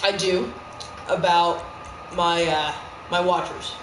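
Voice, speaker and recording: A game streamer giving rambling, playful live-stream commentary with sudden squeaky outbursts. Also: level tone, takes it slowly. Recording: echoey room with background noise.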